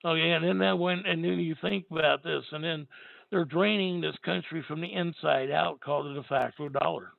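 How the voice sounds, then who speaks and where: A tired man with a raspy voice, hosting a call-in talk show and rambling emphatically. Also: on the high side, normal speed, no room sound. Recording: tinny phone line.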